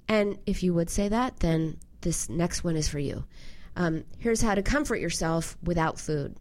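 A woman hosting an advice show, explaining emotional eating in an animated way and slowing down to stress key points. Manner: animated, acts out quoted voices in a higher pitch.

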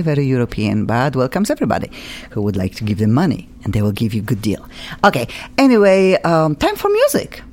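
A woman with a Polish accent hosting a radio talk show, effusive and gushing in halting English. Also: fairly low pitch. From Poland. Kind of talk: casual radio chat.

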